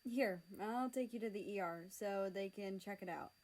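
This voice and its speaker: A woman's voice: medium pitch, moderate pace, a little mellow, close to an everyday voice, rough recording. Cocky teasing teen boy, class president type, woman reading him.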